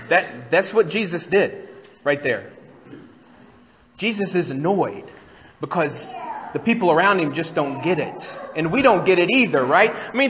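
A pastor preaching to his congregation in a bright, ringing voice that sits a little high for a man. He keeps it conversational and keeps throwing questions out to the pews. The sound carries the long reverb of a church sanctuary. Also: a little hiss or hum. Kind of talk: sermon.

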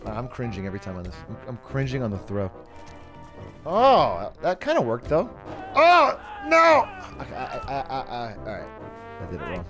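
A man's voice: medium pitch, wildly swooping pitch, normal speed, music in the background. A young man livestreaming a video game speedrun, talking casually, laughing often, swearing, and bursting out in frustration. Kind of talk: live gameplay commentary.

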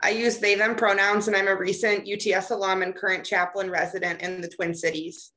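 A young adult chaplain resident giving a measured, sincere prepared tribute speech. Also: medium pitch, flat delivery, bright, forceful tone.

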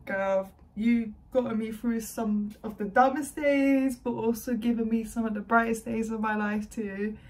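A woman's voice: fairly high pitch, fairly even intonation, unhurried, hardly any pauses, darkish tone, recorded from a distance. A woman giving an affectionate, heartfelt birthday message to a close friend.

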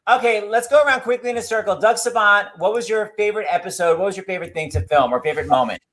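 A man's voice: sits high, a bit bright. A male host of a casual livestream chat, playful and teasing, talking over a video call. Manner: playful, teasing, quick to joke.

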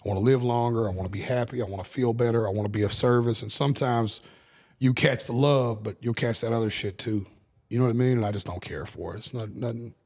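A man's voice: medium pitch, fast talker, a little mellow. Candid man telling stories. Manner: candid storytelling, swears freely. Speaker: guest musician. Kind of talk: casual podcast chat.

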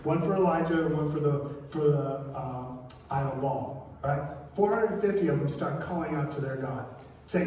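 Man preaching, fairly high voice, animated storytelling, echoey hall heard from a distance. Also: moderate pace, a little hiss or hum. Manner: animated storytelling with acted quotes. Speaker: pastor. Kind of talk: sermon. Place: church sanctuary.

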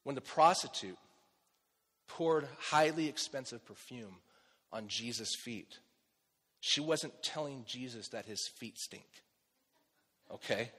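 A man's voice: mid-range voice, expressive, slow pace, pauses often, a bit bright, husky, big-room sound. A man preaching a sermon as pastor, in a conversational way, often asking rhetorical questions and checking in with "okay?" and "right?". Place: church.

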